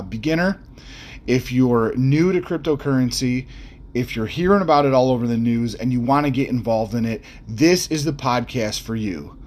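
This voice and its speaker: A male podcast host talking off the cuff at a middle pitch. He rambles bluntly, restarts sentences and fills pauses with "uh" and "um," with mildly crude jokes along the way. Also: a little mellow. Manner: mildly profane, jokey asides. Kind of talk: unscripted podcast monologue.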